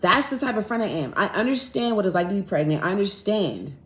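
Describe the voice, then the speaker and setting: A young woman hosting a podcast, telling a story in a casual, animated and profane way, acting out both sides of an argument. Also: medium pitch, quick pace, slight background noise. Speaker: podcast host. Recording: echoey room.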